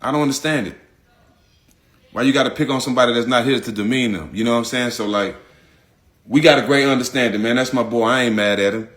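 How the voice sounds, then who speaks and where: Forceful, emphatic man talking straight. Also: medium pitch, quick pace. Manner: emphatic, repetitive, slangy. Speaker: public figure speaking out. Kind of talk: casual direct-to-audience talk.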